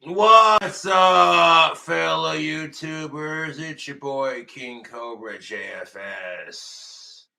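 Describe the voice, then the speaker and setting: A man ranting on a livestream while drinking, profane, tipsy and breaking into loud shouted outbursts. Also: mid-range voice, steady tone, slow pace, creaky, low-quality recording. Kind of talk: drunken rambling livestream.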